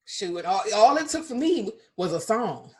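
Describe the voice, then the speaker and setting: A woman co-hosting a podcast in casual chat, expressive and quick to laugh. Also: mid-range voice. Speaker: podcast co-host.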